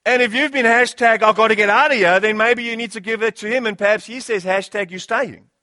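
A man's voice: high voice, brisk, pushed and bright, no room sound, studio quality. A South African man preaching a sermon as pastor, with rhetorical repetition and calls of "Hello?" to the congregation. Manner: rhetorical, repeating phrases and asking "Hello?".

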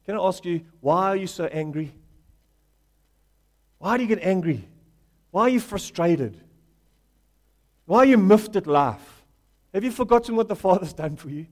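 A man preaching a sermon, building to loud emphatic questions and answers, and acting out the characters of the story he tells. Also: high voice, expressive, normal speed, long pauses. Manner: rising to loud emphatic call-and-response; acts out Bible characters in quoted voices. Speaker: pastor.

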